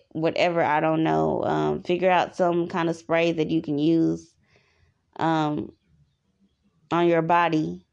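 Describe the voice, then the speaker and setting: Low gravelly woman rambling thru advice, repeats herself a lot, kinda muffled lo-fi sound. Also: a little mellow. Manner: rambling, repetitive, instructive. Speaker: podcast host. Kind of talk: casual advice monologue.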